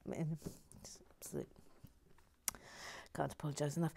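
A woman with a fairly low voice talks on a lapel mic while she builds at a table. She chats in a rambling, self-mocking way, often slipping into soft whispered asides. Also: a little slow, pauses often. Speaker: host building a toy model. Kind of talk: casual chat while building. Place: indoors at a table.

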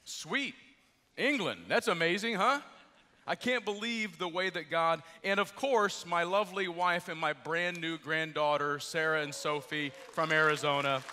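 A middle-aged man preaching in a large church, his voice pitched high and bright. He jokes and talks to the crowd easily, though a little jet lagged. Long hall reverb trails each line. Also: a little slow. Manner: lively, joking, conversational preaching. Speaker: pastor. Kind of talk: sermon.

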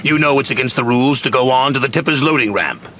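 A man's voice: mid-range voice, a little slow, pushed and bright, slight background noise. A man voicing a stern railway boss scolding an engine, in a cartoon storybook. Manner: severe, stern.

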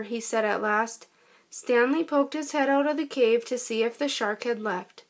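Woman reading a children's story, high light voice, gentle and expressive. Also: moderate pace. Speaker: storybook narrator. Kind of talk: children's storybook read-aloud.

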